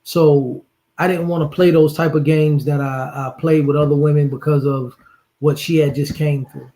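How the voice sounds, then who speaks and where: Laid-back man, a bit high voice. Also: normal speed, poor audio. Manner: relaxed, joking, laid-back. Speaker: guest, her partner. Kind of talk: casual chat.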